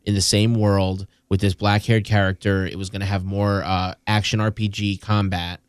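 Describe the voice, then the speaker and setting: Lowish-voiced rambling podcast host. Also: male voice, normal speed, clean tone, no room sound. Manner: rambling, animated storyteller with frequent restarts. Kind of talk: casual podcast chat.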